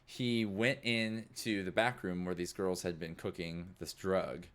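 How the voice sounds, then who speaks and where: A man's voice: sits low, fairly even intonation, unhurried, fairly bright tone. A young man narrating as game master, rambling with lots of fillers. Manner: rambling, many fillers like "like" and "you know".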